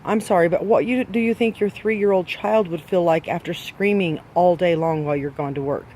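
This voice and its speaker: A man with a notably high voice lectures dog owners in a blunt, scolding tone, firing off rhetorical questions. He talks as a trainer driving home a point. A faint hum of background noise sits under his voice. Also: normal speed, darkish tone. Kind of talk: direct advice talk to dog owners.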